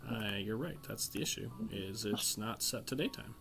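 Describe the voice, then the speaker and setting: A man running a tabletop game as game master, talking in a casual, relaxed way. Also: fairly low pitch, normal speed, gravelly, over music. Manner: casual, relaxed, chatty with fillers.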